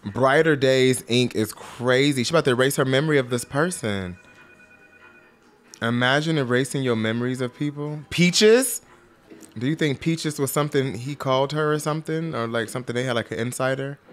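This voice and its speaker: A man's voice: mid-range voice, normal speed. A young man talking casually and emotionally through an album reaction, with faint music playing behind him. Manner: chatty and emotional, swings from reflective to excited squeals.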